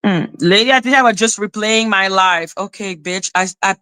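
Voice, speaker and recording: A woman's voice: medium pitch, moderate pace, sharp tone, clean tone. A woman giving casual reaction commentary as a YouTuber, blunt and profane as she talks back at clips.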